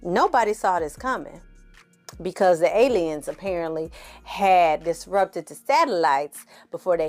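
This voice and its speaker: A woman ranting through a bad movie review in a casual, sarcastic, profane style. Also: mid-range voice. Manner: sarcastic, profane, animated storytelling.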